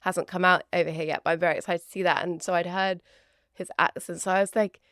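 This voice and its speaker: A woman from the United Kingdom co-hosting a film podcast, lively and quick to react in casual chat. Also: on the low side, dry recording, studio quality. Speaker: podcast co-host.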